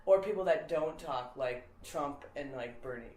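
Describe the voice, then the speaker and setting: A woman's voice: low voice, normal speed, hardly any pauses, darkish tone, reverberant, rough recording. A woman in a casual conversation, rambling as she explains an idea and filling her talk with "like". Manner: rambling, with many fillers of "like". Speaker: podcast guest explaining a comedy idea.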